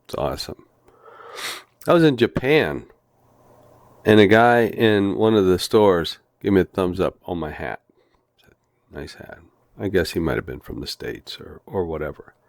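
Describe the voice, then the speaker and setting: A man teaching a devotional Bible lesson in a slow, deliberate, folksy way, with humorous personal stories. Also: low voice, expressive, vocal fry, dry recording, clean studio sound.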